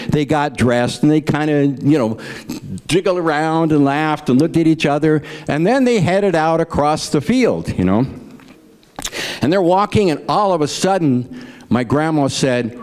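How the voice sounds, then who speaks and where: Middle-aged male comic, folksy joke teller, slightly high, lively swooping pitch. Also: a little slow, clean tone. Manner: folksy storyteller, acts out grandparents in raised voices. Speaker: stand-up comedian. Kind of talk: folksy stand-up joke telling.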